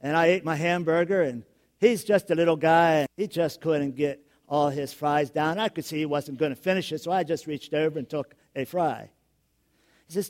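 A middle-aged male pastor giving a sermon, telling stories with frequent chuckles and building to loud, emphatic questions. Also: fairly high pitch, moderate pace.

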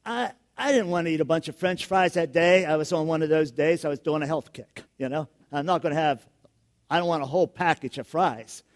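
A middle-aged male pastor giving a sermon, telling stories with frequent chuckles and building to loud, emphatic questions. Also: a little high, a little fast.

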